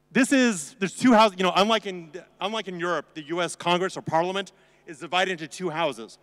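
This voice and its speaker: Guy joking his way through a conference talk, sarcastic, kinda high voice, big hall reverb. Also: a bit bright. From United States. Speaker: conference speaker.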